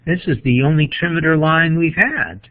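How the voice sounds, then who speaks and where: A man's voice: a little high, moderate pace, a little hiss or hum. A man teaching a poetry lesson, thinking aloud while he marks up a poem with a pen. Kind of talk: poetry lecture. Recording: tinny phone-like sound.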